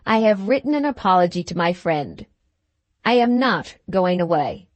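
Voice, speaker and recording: A woman's voice: lowish voice, animated, normal speed, no echo, lightly acted. A woman voicing an earnest young man who speaks plainly and firmly in a storybook reading.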